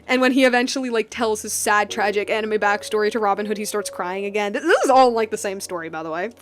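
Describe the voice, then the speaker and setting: A young woman streamer with a mid-range voice talks fast while drawing, casually retelling a story and rambling with lots of fillers and giggles.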